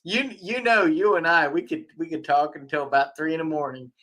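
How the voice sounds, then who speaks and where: A man from Maryland co-hosting a podcast, with a fairly high, bright and forceful voice. He breaks into the conversation with short lines of pushback and agreement. The talk is casual political chat. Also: fairly quick, low-quality recording. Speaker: podcast co-host.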